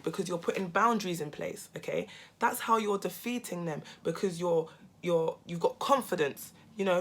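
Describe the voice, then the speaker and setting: A woman speaks casually to her camera in a self-help vlog, her voice crisp and bright. She presses each point hard and keeps checking in with "okay?" and "right?", and she sometimes turns loud with laughing asides. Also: medium pitch. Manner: emphatic, repeats "okay?" and "right?".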